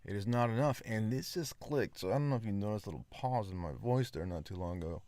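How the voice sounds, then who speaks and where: A man's voice: fairly low pitch, fast, mellow, dry recording. A man hosting his own podcast, talking in a casual, rambling solo monologue with many fillers and repeats. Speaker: podcast host.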